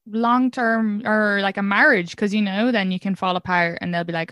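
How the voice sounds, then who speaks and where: A young woman hosting a podcast, chatting casually and rambling with quick laughs. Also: mid-range voice, fairly even intonation, fairly bright tone, dry recording, clean studio sound. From abroad from the guests. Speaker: podcast host. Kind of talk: casual interview chat.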